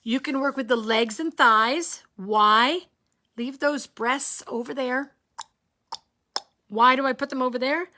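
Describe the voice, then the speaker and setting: A woman teaching a live cooking class online in a bright voice pitched a little high. She talks in an animated way and asks her listeners rhetorical questions. She checks in with them often and cracks jokes along the way. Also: takes it slowly, pauses often.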